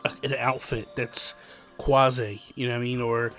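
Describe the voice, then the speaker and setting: A mid-pitched man talks casually on a gaming podcast, excitable and rambling with lots of "like" and "you know". Faint music sits under his voice. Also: normal speed. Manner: chatty, excitable, many fillers like "like" and "you know". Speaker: podcast co-host.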